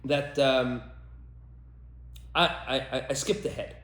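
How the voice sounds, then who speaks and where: Slow and fairly bright, this rabbi's mid-range voice rings out in a reverberant space. He's a teacher talking with emphasis on a podcast, repeating lines for effect and mixing in Hebrew words.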